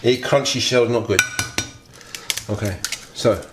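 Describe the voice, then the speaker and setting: A man's voice: medium pitch, measured pace, very noisy. A chatty man hosts a casual home cooking demonstration and talks straight to his viewers. His talk wanders as he cooks. His voice rings around a kitchen full of echo, with pans and cutlery clattering behind him. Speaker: home cooking video host.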